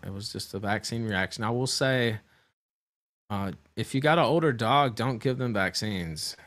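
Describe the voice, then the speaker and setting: A man with a very deep voice talks through a personal story on a livestream. He speaks in a halting, rambling way, often restarting his sentences. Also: a bit bright. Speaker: livestream host.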